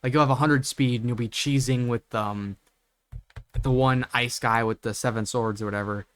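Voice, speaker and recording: A man's voice: medium pitch, fairly even intonation, normal speed, fairly bright tone. A young man ranting about game builds, exasperated and profane, with lots of fillers. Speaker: gaming YouTuber. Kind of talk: unscripted rant.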